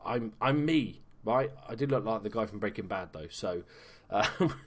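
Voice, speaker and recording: A man's voice: fairly low pitch, expressive, normal speed. A man giving casual, chatty commentary over a video game at home, swearing freely and tossing in dry asides. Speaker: gaming YouTuber.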